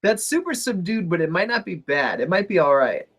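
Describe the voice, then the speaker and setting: Male podcast co-host, slightly high pitch, loose and profane banter. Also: brisk, husky. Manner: relaxed, profane, laughs easily. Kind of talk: casual wrestling podcast chat.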